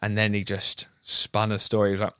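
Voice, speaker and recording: An English man with a fairly low voice tells an animated story on a podcast, full of asides and put-on voices. The mic is close and the sound is dry. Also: fairly quick, clean tone, no room sound. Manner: animated anecdote teller, laughs, mimics voices. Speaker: videographer. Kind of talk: casual storytelling chat. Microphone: studio podcast mic.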